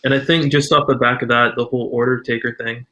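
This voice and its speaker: A man's voice: mid-range voice, flat delivery, quick pace, a bit bright. Canadian man giving earnest career advice. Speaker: podcast guest. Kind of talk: casual podcast chat.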